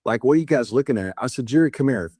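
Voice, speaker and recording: A man's voice: medium pitch, quick pace, husky, no echo, studio quality. A middle-aged man, a podcast guest, telling a long story in casual conversation and acting out the dialogue with shifts in tone. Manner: animated retelling, acts out dialogue with shifts in tone.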